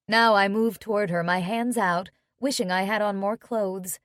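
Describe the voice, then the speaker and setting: A woman's voice: medium pitch, a little slow, hardly any pauses, dry recording, clean studio sound. A woman narrating a romance audiobook in the first person, with an intimate, conversational inner-monologue manner.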